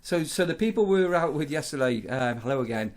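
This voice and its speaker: A middle-aged man, chatting casually and rambling through animated stories. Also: on the high side, fast. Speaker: vlogger, campsite warden. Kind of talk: casual chat.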